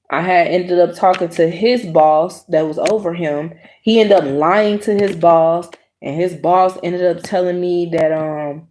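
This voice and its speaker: Fairly low in pitch and measured in pace, a young adult woman hosts and shares a personal story with viewers. Her delivery is blunt, casual and full of profanity, and she animatedly acts out other people's words.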